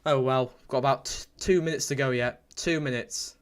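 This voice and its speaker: Excitable young fan commentator. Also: male voice, medium pitch, moderate pace. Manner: excitable, repetitive, bursts into shouts at big moments. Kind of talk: live football watchalong commentary, reading chat.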